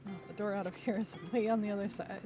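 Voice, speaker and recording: Woman streamer, casual asides, swears, mid-pitched, faint music behind. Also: fairly even intonation, quick pace. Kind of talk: casual reaction while reading a game story.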